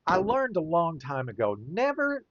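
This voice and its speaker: A man's voice: a little high, moderate pace, dry recording, muffled recording. A man telling a casual anecdote while he draws, chuckling often as he talks. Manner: chuckles often, lively rise and fall. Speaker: artist and storyteller.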